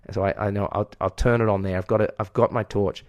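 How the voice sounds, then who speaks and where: Talking fast with a fairly low, fairly even voice, an Australian podcast co-host delivers a long, candid story full of swearing and self-mockery. It's casual chat, and the recording is dry.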